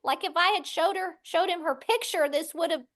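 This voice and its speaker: Guesting on a podcast, a middle-aged woman from West Texas recounts her story in a very high voice, talking fairly quickly. She brings the people in it to life with animated voices.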